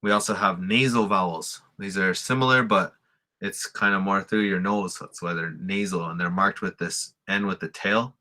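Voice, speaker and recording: Man teaching vowels, bright voice. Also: sits low, normal speed. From Lakota community in the US. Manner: relaxed, explains with fillers and repeats example words. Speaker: language teacher. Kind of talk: casual spoken lesson.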